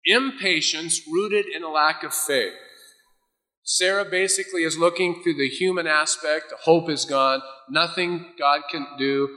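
A man's voice: a little high, steady tone, measured pace, bright, forceful tone. A man preaching a sermon, sometimes acting out the voices of biblical figures. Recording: hall reverb.

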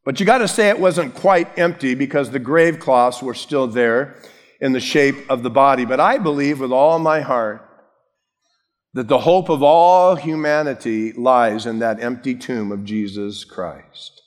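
A man's voice: medium pitch, a little slow, big-room sound. A male pastor preaching a sermon, telling Bible stories casually and with humor, acting out the characters. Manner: storytelling, acting out biblical characters with lively voices.

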